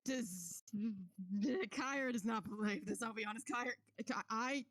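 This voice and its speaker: A woman player in a tabletop game, narrating her character in quick, stumbling phrases. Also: on the high side, a bit bright, no echo.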